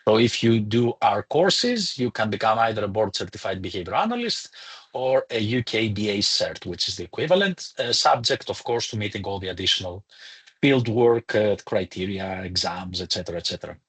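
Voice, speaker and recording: Male webinar host, low husky voice, chatty and welcoming, computer mic on an online call. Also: animated, a little fast, a bit bright. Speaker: lecturer hosting a webinar. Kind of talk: casual live webinar hosting.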